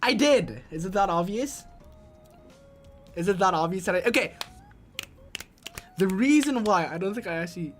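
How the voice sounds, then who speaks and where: Excitable young man streaming, lively voice. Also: sits high, moderate pace, pauses often, soft background music. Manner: excitable, swings into loud shrieks and mutters. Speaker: VTuber streamer. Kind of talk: casual stream chat, reading chat aloud.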